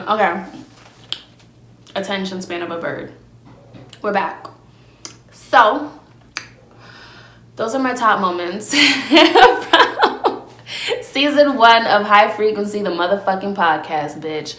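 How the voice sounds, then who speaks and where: Animated and fairly bright in a mid-range voice, a young woman hosts a casual podcast by herself. She eats as she tells brash, profane stories at a measured pace with long pauses. A phone camera with a ring light records her, and the room sounds echoey.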